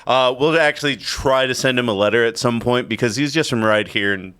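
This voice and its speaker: A man's voice: mid-range voice, a little fast, fairly bright tone, clean tone. A man co-hosting a casual podcast, chiming in with dry, teasing remarks. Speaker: co-host.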